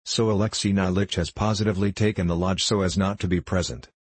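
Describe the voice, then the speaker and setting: Brief: man doing a sly, sneering gossip in an audiobook; deep, husky voice. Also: fairly even intonation, fast talker, dry recording. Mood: casual.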